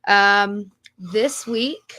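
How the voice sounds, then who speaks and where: A woman co-hosting a live stream, talking at an unhurried pace. Her voice is a little raspy and hoarse, still on the mend. She reads out viewer greetings in an easygoing, friendly chat. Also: mid-range voice, bright, forceful tone. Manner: reads chat names aloud with repeated greetings and laughs. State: hoarse, voice just recovering. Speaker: podcast co-host.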